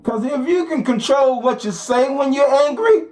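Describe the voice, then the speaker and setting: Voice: high-pitched, expressive, moderate pace, darkish tone. A host delivering an opinion monologue in a rhetorical, repetitive way, often urging listeners to think about it. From United States. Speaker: commentary show host.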